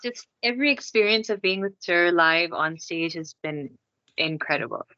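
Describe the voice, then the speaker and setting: A woman's voice: on the low side, moderate pace, sharp tone. A woman chatting casually as a podcast guest, laughing often and trailing off mid-sentence. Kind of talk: casual interview chat. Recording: slightly muffled audio.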